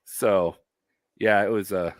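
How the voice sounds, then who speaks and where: A man's voice: on the low side, fairly even intonation, takes it slowly, no room sound. A man co-hosting a casual livestream chat, telling a rambling story and laughing often. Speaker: co-host.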